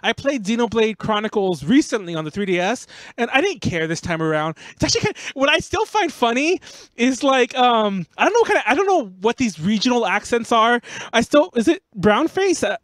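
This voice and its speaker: High-voiced man in casual podcast chat. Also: big pitch swings, fairly quick, a bit bright, no room sound. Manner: rambling, laughing, self-defensive. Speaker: podcast host.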